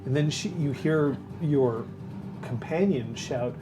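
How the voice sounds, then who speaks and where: A man narrating as game master of a tabletop game, in a casual, animated way. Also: fairly high pitch, slow, over music.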